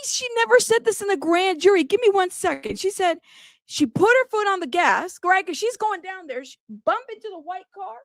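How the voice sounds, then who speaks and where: High-voiced woman host, animated live commentary, dry sound. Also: moderate pace, no echo. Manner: animated, talks to viewers directly. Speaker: livestream host.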